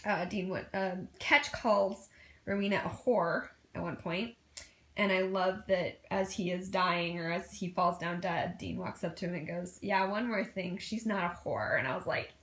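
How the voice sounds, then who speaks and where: A woman's voice: lowish voice, fairly even intonation, normal speed, a bit bright, roomy sound. A woman giving a casual, gushing fan review, full of fillers and restarts, often breaking into laughter.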